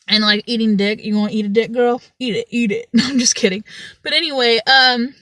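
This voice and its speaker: A woman in her late twenties telling a storytime vlog in a loud, energetic, chatty way. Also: on the high side, brisk, no room sound. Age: 20s. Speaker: vlogger.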